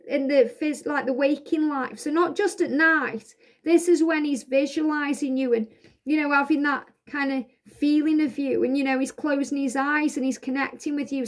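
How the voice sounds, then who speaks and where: Woman with a high voice reading spiritual cards, soft and reassuring, lots of "you know". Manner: soothing, reassuring, reads card messages aloud. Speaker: tarot card reader. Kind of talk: spiritual card reading walkthrough. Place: outdoors.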